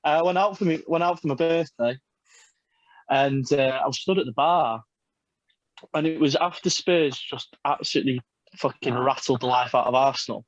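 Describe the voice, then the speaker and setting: A man with an English accent, a wrestler guest on a podcast, telling a story loudly and swearing freely. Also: mid-range voice, moderate pace, no echo, highs cut off. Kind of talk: casual podcast chat.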